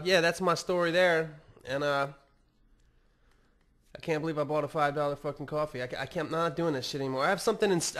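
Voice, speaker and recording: An American man hosting a podcast speaks in a fairly bright voice that sits on the high side. His monologue is rambling and casual, heavy on swearing and self-deprecating mockery.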